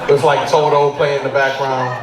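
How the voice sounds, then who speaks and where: A man's voice: mid-range voice, level tone, normal speed, a loud crowd. A man from Hartford, Connecticut, doing a stand-up set with loose, slangy delivery. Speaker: stand-up comedian. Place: brewery bar crowd. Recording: echoey room, noisy bar.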